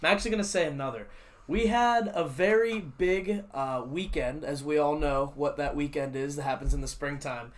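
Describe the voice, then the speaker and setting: A young man with a fairly high voice hosts a casual podcast chat. He tells long, rambling stories and laughs often. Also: normal speed. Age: young adult. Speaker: podcast host.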